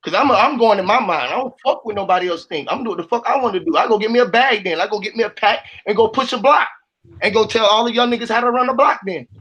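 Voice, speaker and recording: A man's voice: high-pitched, quick pace, fairly bright tone, husky, lo-fi sound. A man hosting a casual panel discussion, blunt and profane, rambling as he talks. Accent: put-on made-up accent at times. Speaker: host of the panel stream.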